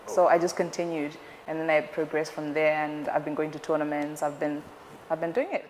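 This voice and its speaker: A young woman tells stories as an interview guest, chatty and playful. Her voice sits a touch low. The room rings with a long reverb, and a faint hiss lies under it. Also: brisk. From Zimbabwe. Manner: chatty and playful, animated storytelling. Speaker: guest, news anchor. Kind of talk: casual interview chat.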